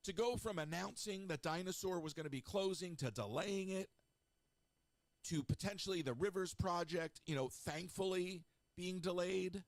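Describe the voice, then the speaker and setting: A middle-aged man hosting a radio show, chatting in a snarky, rambling way with lively asides. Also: high-pitched, moderate pace, no echo. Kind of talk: casual solo radio talk.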